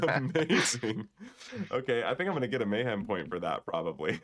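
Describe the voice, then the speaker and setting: A man's voice: medium pitch, lively intonation, normal speed, fairly bright tone. A man running a tabletop game as game master, talking in a loose, chatty way. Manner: loose and chatty, with frequent fillers.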